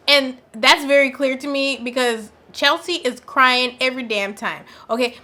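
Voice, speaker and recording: A woman giving casual, opinionated commentary on a reality dating show, talking in an animated, slangy way. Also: high voice, moderate pace, few pauses. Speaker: reaction commentator.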